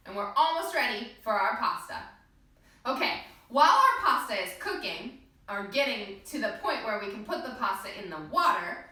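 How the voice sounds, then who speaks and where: Bright, sing-song woman leading kids yoga. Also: fairly high pitch. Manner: playful, encouraging, sing-song. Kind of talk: guided kids yoga class with pretend play. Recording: echoey room, voice from a distance.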